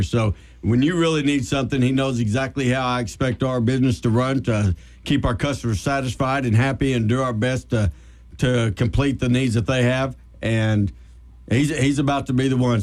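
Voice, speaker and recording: A man's voice: mid-range voice, a little mellow. A middle-aged man, a business owner chatting easily on the radio. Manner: easygoing, chuckling. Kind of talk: casual radio chat.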